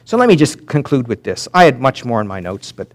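A man preaching a sermon as pastor, swinging from loud emphatic peaks to quiet drops and slowing down to read scripture aloud. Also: mid-range voice. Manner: animated preaching, rising and dropping sharply for emphasis.

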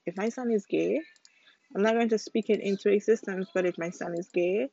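A woman's voice: mid-range voice, a little fast, creaky, dark tone, husky, no echo. Young woman, ranting podcast monologue, slightly dull lo-fi sound. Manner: emphatic, ranting, speaks straight to listeners. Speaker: podcast host. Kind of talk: casual opinion podcast monologue. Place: home, with family nearby.

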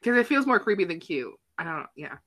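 Rambling, frank woman with a bright voice. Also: lowish voice, very animated, brisk. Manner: rambling, frequent "like" fillers, casual swearing. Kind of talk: casual chat.

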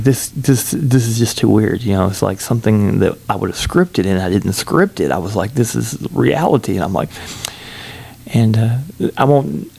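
Gravelly, low-voiced man telling a rambling story. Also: darkish tone. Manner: rambling, amused, lots of fillers and restarts. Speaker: solo traveler telling a story. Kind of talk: casual storytelling vlog.

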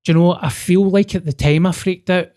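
This young man hosts a podcast and shares a story from his own life, casual and lively, with plenty of cursing and frequent restarts mid-sentence. He speaks fast in a high-pitched voice.

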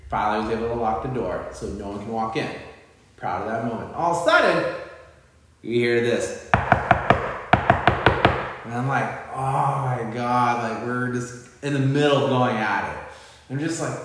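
A man, co-hosting a casual chat and telling a story with lively voices for the people in it. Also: medium pitch, normal speed, long pauses, far from the mic, a little hiss or hum. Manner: animated storytelling, mimics voices. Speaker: podcast co-host. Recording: echoey room.

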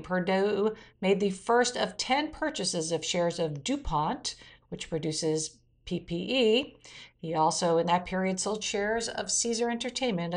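A woman hosting a weekly news roundup, reading out quotes and adding blunt opinion asides. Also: fairly low pitch. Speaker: news commentary host.

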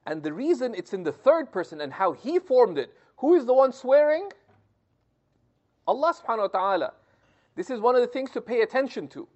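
A man's voice: sits high, dull audio. A man teaching a scripture commentary lesson, explaining step by step and often checking in with "right?". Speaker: religious teacher.

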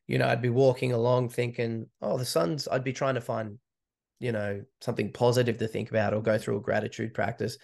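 Gravelly aussie guy telling his story, swears a lot, acts out what people said. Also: fairly low pitch. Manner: candid, swears, acts out quotes. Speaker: podcast guest, ultra runner. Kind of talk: casual storytelling.

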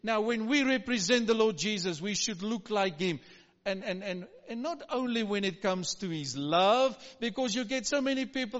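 In a church hall, a middle-aged male pastor with a high-pitched voice preaches at a moderate pace, using emphatic call-and-response to push the congregation to answer. The recording is dull, with long hall reverb.

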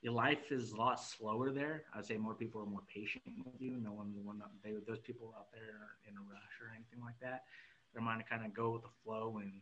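A man's voice: lowish voice, steady tone, brisk, pushed and bright, slight background noise. Young man from the valley, laid back, rambles, laughs a lot, kinda muffled recording. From California, Central Valley. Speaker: podcast guest. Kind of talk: casual chat.

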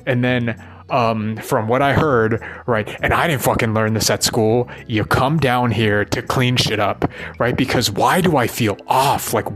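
A man's voice: mid-range voice, fairly bright tone. A rambling, profane man venting. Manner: profane, ranting, keeps asking "right?". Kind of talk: rambling monologue.

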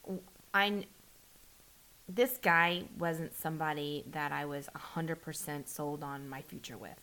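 A woman in a candid, casual conversation, telling her story with frequent false starts. She gets animated and lifts her voice when acting out what was said. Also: a little slow. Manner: animated, acts out quotes with rising pitch, restarts often.

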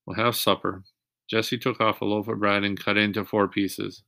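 A fairly low-pitched man reads a children's chapter book aloud at an even, patient pace. He sounds like a reader sharing a story with young listeners, stopping now and then to ask them questions. The recording is plain and close. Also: brisk, creaky, dry recording.

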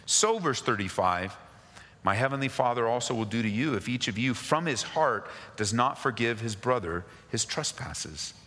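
A man preaching a sermon, reading scripture aloud and speaking directly to the congregation, moving from raised, urgent pleas to low, quiet asides. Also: lively intonation, moderate pace. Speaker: pastor. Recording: long hall reverb.

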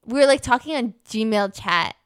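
Young woman podcast cohost, smooth clear voice, rambly, lots of likes and restarts. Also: a little high, expressive, moderate pace. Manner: rambling, many fillers and restarts. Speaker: podcast co-host. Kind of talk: casual chat.

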